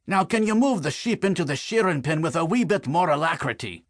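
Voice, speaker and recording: A man's voice: fairly high pitch, lively intonation, a little fast, no room sound, clean studio sound, lightly acted. A man voicing a wry, teasing older man in an audiobook, needling his friend. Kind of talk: audiobook character voice.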